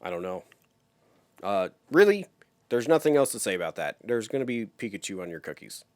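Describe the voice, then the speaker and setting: A man co-hosting a games podcast, talking in a laid-back way and trailing off quietly. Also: on the low side, very animated, a little fast, dry recording. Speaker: podcast co-host. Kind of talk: casual chat.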